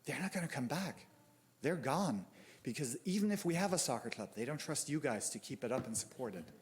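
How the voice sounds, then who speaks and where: A man's voice: medium pitch, animated, brisk, a little hiss or hum. A man giving an angry, exasperated public comment at a city commission meeting, stumbling over his words at a podium microphone. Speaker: youth soccer club member speaking at public comment.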